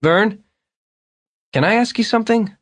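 A man's voice: high-pitched, unhurried, fairly bright tone, no echo, pitched above the performer's own voice. A man doing an eager, chatty young guy.

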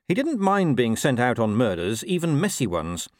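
Male audiobook narrator, wry, expressive, lively pitch, dry studio sound. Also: moderate pace, dry recording. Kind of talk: scripted narration.

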